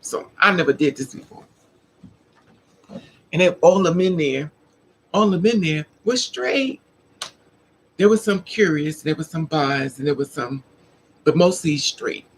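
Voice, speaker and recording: Animated woman telling a story. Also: low voice, a little slow, pauses often, a little hiss or hum, low-quality recording. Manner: animated, acts out dialogue, laughs often. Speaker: vlogger telling a personal story. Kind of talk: casual storytelling to viewers.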